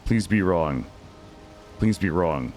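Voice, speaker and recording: A man's voice: low voice, expressive, takes it slowly, a little mellow, faint music behind. A young man live-streaming a video game, talking anxiously and dramatically to his chat as he plays.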